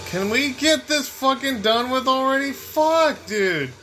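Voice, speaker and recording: A man's voice: very high-pitched, lively intonation, unhurried, pushed and bright, faint music behind. Exasperated swearing man playing a video game. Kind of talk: casual gameplay commentary.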